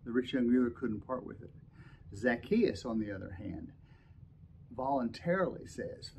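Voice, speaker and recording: A man's voice: medium pitch, lively intonation, normal speed, creaky, a little mellow, slight background noise, rough recording. A man teaching an adult Bible class, reading scripture aloud and explaining it with many restarts and repeated words. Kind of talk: Sunday school lesson with scripture reading.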